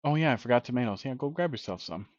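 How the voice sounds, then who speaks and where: A man's voice: medium pitch, expressive, fast, darkish tone, no echo. A man hosting a casual cooking live stream, chatting bluntly and profanely while he eats, heard on dull lo-fi stream audio.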